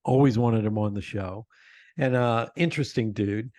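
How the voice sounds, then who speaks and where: Lively, dry-sounding man telling stories. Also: lowish voice, normal speed, no echo. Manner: animated storyteller, laughs often. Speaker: podcast host, guest. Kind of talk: conversational interview.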